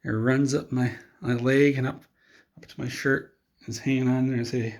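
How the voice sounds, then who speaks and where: A man telling an absurd comedic story in a rambling, deadpan way. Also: medium pitch, normal speed.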